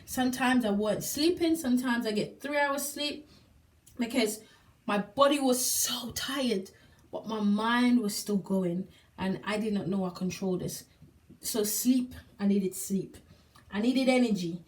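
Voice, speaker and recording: A woman's voice: fairly high pitch, a little slow. A woman telling her story in a personal testimonial vlog, emphatic and repeating words for effect. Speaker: single mother sharing a product testimonial. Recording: voice a little distant from the mic.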